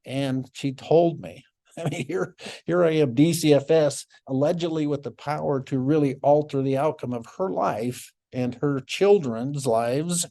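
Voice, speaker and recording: A middle-aged man, a former child welfare caseworker, telling stories in a conference talk, reflective, with soft laughs and restarts. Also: on the high side, a little slow, vocal fry.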